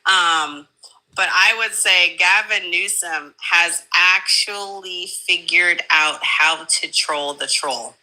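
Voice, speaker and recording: Woman guest, casual political talk, animated and emphatic, slow delivery, bright edge. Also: on the low side, poor audio. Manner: animated, laughing, emphatic with rising bursts. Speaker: guest commentator.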